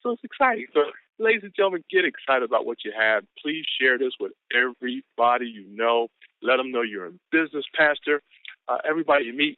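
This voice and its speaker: A fast-talking man with a drawl fires up his listeners in an excited motivational pep talk, whooping and calling out to them as he goes. His voice comes through a tinny phone line with no room sound at all. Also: medium pitch, no echo. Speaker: business caller giving the daily quote.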